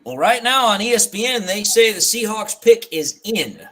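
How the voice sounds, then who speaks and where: A man's voice: high-pitched, very animated, normal speed, bright, forceful tone, poor audio. A man hosting a fan live stream, chatting casually about football and laughing as he retells movie scenes. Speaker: fan show host.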